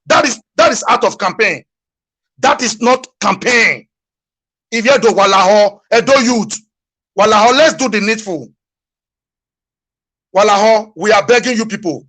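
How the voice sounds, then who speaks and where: This is a man from Edo State with a Nigerian accent whose first language is Edo, his voice sitting fairly high for a man. He speaks as an interview guest making an earnest appeal to his community. He pleads and repeats lines for emphasis. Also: moderate pace, pauses often, pushed and bright, slightly rough. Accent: Nigerian English. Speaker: guest, diaspora community leader.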